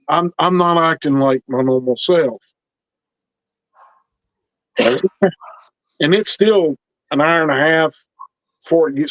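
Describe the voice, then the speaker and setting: A man's voice: a little high, dry recording, highs cut off. A man telling a story in a folksy, earnest way, often repeating words as he builds tension. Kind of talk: casual spoken storytelling.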